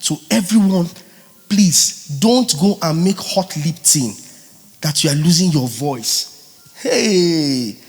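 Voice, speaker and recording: A man leads a live vocal workshop. His voice sits a little high and leaps around with animated, teasing energy. The sound carries the long reverb of a large hall. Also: slow. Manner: animated, teasing, mixes in pidgin. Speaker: vocal coach.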